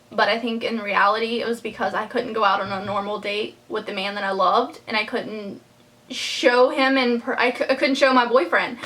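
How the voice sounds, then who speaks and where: A woman's voice: on the high side, pushed and bright. A young woman vlogging about her personal life, heartfelt and rambling, close to tears. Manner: heartfelt, rambling, many fillers and restarts. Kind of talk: personal storytime vlog.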